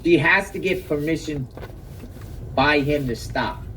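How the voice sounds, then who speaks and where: Slow, emphatic man outdoors. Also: on the high side, bright, forceful tone, recorded from a distance, slight background noise, rough recording. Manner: emphatic, exclaiming, repeats key points. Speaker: commentator. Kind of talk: live reaction commentary.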